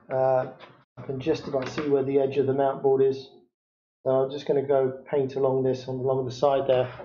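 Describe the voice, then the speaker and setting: A man's voice: mid-range voice, mellow, slight background noise. Man demonstrating framing in an echoey workshop. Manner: unhurried, hesitant with many fillers. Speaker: picture framer demonstrating. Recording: echoey room, dull lo-fi sound.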